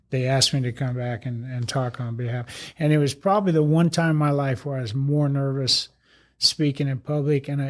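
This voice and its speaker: Older man, retired fire chief as guest; mid-pitched, rambling and blunt, swears casually, pokes fun at himself. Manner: rambling, blunt, salty, self-deprecating. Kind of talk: storytelling interview talk.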